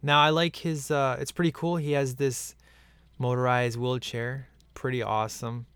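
A man's voice: medium pitch, little pitch movement, moderate pace, fairly bright tone, clear, resonant tone, no echo. A man in casual, rambling chat as he watches a film at home, laughing often. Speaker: movie commentary viewer.

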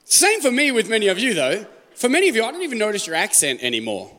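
Man, Australian accent, pastor, sermon, bright voice, long hall reverb. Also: sits high, fast talker. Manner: animated, joking, asks the room questions. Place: church hall. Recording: live church hall reverb.

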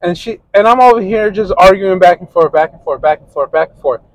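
A man's voice: high-pitched, brisk, dry recording, poor audio. A man hosting a casual podcast monologue, telling a story in a rambling, profane way. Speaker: podcast host.

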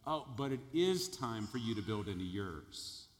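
A man's voice: on the low side, sing-song, moderate pace, big-room sound, voice pushed down. A man preaching voices God answering with dry, mocking sarcasm. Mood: sarcastic.

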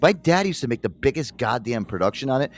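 A man spins a rambling, profane story on a casual podcast. His pitch rises and falls freely as he talks. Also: sing-song, fast talker, soft background music. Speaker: podcast co-host. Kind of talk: casual comedic chat.

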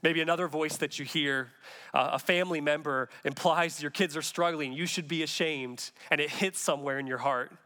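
A man's voice: fairly high pitch, steady tone, a little fast, sharp tone. A man preaching as a pastor in an earnest, conversational sermon, acting out the voices he quotes.

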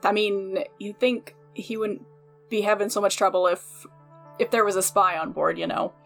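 A woman thinks aloud in character during a tabletop game. She hedges, piles on fillers and talks at a medium pitch. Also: fairly even intonation, normal speed, gravelly, a bit bright, faint music behind. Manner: hedging, filler-heavy reasoning. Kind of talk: in-character role-play.

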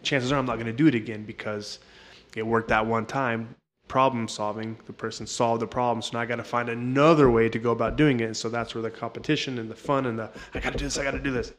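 A man's voice: mid-range voice, fairly even intonation, quick pace. A man as an interview guest, talking casually in a rambling way with many restarts and repeated words. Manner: rambling, repetitive, restarts often. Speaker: interview guest, jiu-jitsu coach.

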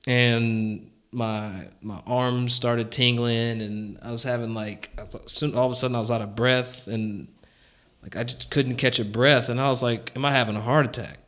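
A man's voice: mid-range voice, steady tone, normal speed, fairly bright tone. A man hosting a casual chat, telling a personal story candidly with lots of "like" fillers and frequent chuckles.

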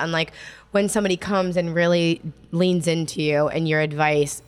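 A woman's voice: fairly low pitch, clear, resonant tone. A woman hosting a casual chat, leading her guests into topics in a friendly way. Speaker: host.

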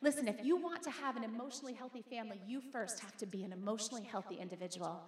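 A middle-aged woman pastor preaching a lively sermon to her congregation and calling on them to repeat her words. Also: on the high side, rapid-fire. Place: church sanctuary. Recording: echoey hall.

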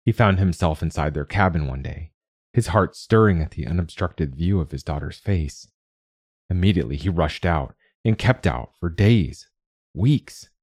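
A man narrating a science fiction short story in a calm, measured storytelling manner. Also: deep voice, slightly rough, dry recording, clean studio sound. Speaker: narrator and podcast host.

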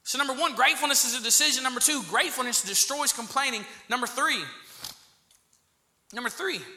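A male pastor with a very high, sharply bright voice, preaching with passion. He hammers phrases through repetition and builds to loud outbursts. The sound rings in an echoey church room. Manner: impassioned preaching, repeats key phrases and swells to loud exclamations. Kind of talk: sermon.

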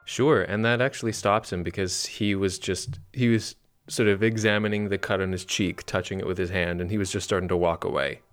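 A man playing a tabletop role-playing game, calmly describing what his character does and speaking as him. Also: low voice, fairly quick, hardly any pauses, clear, resonant tone, faint music behind. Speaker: player.

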